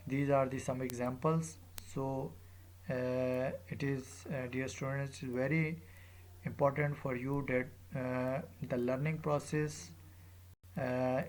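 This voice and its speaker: Slow gravelly male teacher. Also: mid-range voice, darkish tone. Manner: slow and deliberate, spelling out letters one by one; frequent filler pauses. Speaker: English teacher. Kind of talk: recorded lecture.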